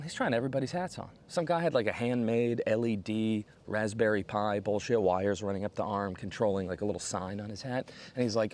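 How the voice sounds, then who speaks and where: A man from the United States, in his thirties, spins a rambling comic anecdote in a fairly low voice. He keeps breaking into animated impressions of the people in his story, and his pitch leaps high when he quotes them. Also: fairly quick, a little hiss or hum. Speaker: comedian host. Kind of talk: storytelling stand-up monologue.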